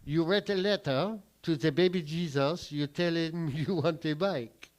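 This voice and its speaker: A man voicing an aggrieved French man recalling his boyhood, with a put-on French accent and deadpan, indignant delivery in a standup bit. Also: on the high side, a little slow, lightly acted. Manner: indignant, deadpan storytelling with profane punchlines.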